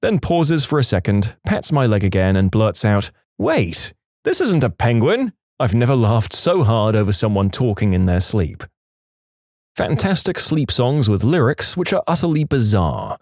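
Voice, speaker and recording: A man narrates reddit stories aloud in a lively, animated voice. He leaps into the quoted lines with big pitch jumps. The recording is dry and close, with no room sound. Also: moderate pace, no room sound.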